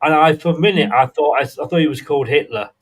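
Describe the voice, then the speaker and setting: A man hosting a casual football fan chat, chatty and quick to laugh at his own jokes. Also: on the high side, husky. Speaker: fan channel host.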